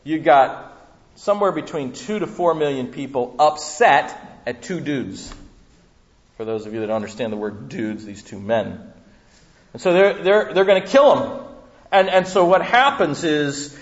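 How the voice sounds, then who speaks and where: A man preaching a sermon as pastor, telling the story with animated humor. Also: on the high side, unhurried. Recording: dull lo-fi recording.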